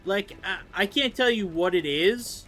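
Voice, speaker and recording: A young man, a gaming streamer, reacting to his game in an excitable, swearing, off-the-cuff way. His voice is high and bright and jumps all over the place, with faint game music under it. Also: measured pace. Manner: excitable and swearing, with sudden outbursts. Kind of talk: casual gameplay commentary.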